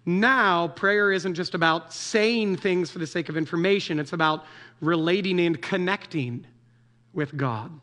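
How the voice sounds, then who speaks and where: High-voiced casual male preacher. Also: unhurried, sharp tone. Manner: casual, joking, asks the audience "right?" often. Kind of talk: conversational sermon.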